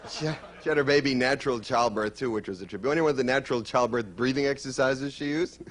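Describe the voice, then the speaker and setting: Quick, teasing stand-up comedian, a man. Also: medium pitch, fairly bright tone. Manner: quick, teasing banter with the crowd. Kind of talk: stand-up routine, then chat. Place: stage before a live audience.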